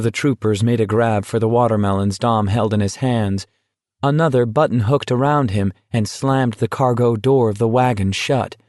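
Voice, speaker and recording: A man reading an audiobook as its narrator in a steady, even manner. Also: medium pitch, normal speed, dry recording, clean studio sound. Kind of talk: scripted narration.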